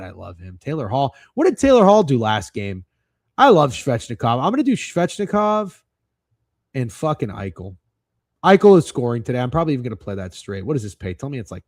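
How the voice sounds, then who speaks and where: Excitable, profane man hosting a betting stream. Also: on the low side, no echo, studio quality. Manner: excitable, profane, rambling with many restarts. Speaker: sports betting show host. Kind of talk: casual sports betting livestream chat.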